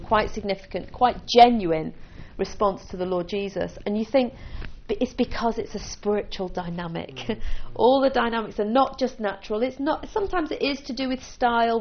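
A church leader, a woman with a medium-pitched voice, gives a small group an informal teaching talk, conversational, with frequent restarts and light laughs. The recording is muffled, with a little hiss or hum.

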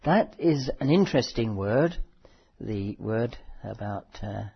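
A man preaching a sermon in a conversational, thoughtful way, often pausing and correcting himself. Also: lowish voice, animated, creaky, slightly rough, lo-fi sound. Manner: conversational, thoughtful, with frequent fillers and self-corrections.

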